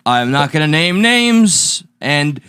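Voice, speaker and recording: A man's voice: on the high side, very animated, slow pace, bright, forceful tone, clean tone. A man co-hosting a casual podcast, rambling through a story with lots of swearing and restarts. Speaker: podcast co-host. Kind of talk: casual banter.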